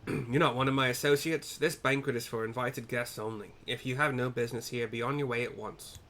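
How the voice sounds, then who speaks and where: A man's voice: medium pitch, fairly even intonation, brisk, a bit bright, a little hiss or hum, lightly acted. A man doing a pompous merchant with a loose Irish lilt. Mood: haughty. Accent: loose put-on Irish. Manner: haughty, dismissive. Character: pompous wealthy male merchant, small and protective. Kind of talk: game cutscene voice acting by a narrator.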